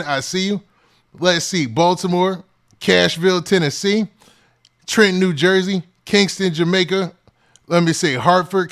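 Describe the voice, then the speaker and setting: A man hosts a casual livestream with a slightly raised, easygoing voice. He keeps the talk loose and chatty, tossing in "man" and "what's up" at every turn. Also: sits high. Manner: laid-back, repeats "man" and "what's up" often. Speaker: host of a hip-hop news livestream. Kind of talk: casual livestream shout-outs.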